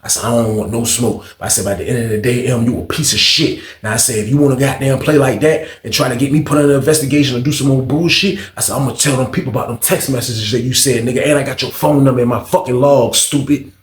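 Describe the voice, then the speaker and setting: A channel host narrates a prison story in a profane, casual storytime manner, animatedly voicing others' lines. His mid-range voice runs quickly with few pauses, in an echoey room.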